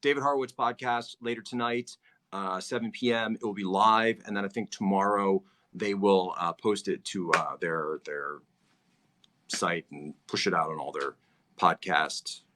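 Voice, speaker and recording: A man's voice: low voice, steady tone, moderate pace, bright, forceful tone. Laughing, chatty man on a livestream. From Philadelphia. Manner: laughs a lot, repeats himself. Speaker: livestream host. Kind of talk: casual livestream talk answering chat.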